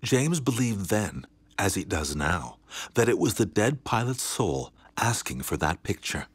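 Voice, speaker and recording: A man giving measured, dramatic scripted narration for a documentary. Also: on the low side, big pitch swings, husky, no room sound. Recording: music bed underneath.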